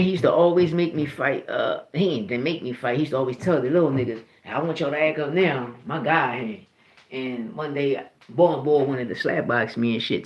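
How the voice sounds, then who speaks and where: Rambling Philly man in an echoey room. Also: mid-range voice. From Philadelphia, USA. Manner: profane, rambling, with many restarts and "you know what I mean". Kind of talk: casual storytelling.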